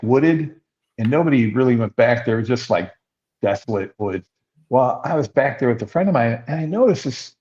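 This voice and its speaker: Older male podcast co-host, rambling anecdotal storyteller, mid-pitched, slightly dull lo-fi sound. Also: darkish tone. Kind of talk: casual storytelling chat.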